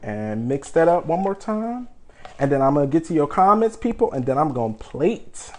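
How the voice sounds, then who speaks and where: A young man runs a live home cooking demonstration in a slightly high-pitched voice. He chats steadily with his viewers and brags a little about his skills in a playful way. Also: very animated, normal speed. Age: young adult. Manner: chatty, keeps calling the viewers "people", playfully boastful. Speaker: home cook host.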